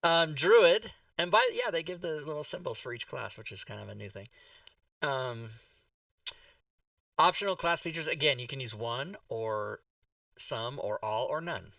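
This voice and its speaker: A man's voice: medium pitch, expressive, moderate pace, vocal fry, a bit bright, no room sound, recorded from a distance. A man hosting a casual talk show about a tabletop game book, joking, swearing and laughing as he goes.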